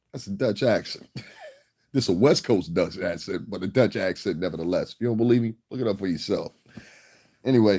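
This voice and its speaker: Rambling profane guy from the us northeast, lowish voice, talking to his camera with lots of chuckles. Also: a little mellow. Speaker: vlogger. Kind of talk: casual monologue to camera.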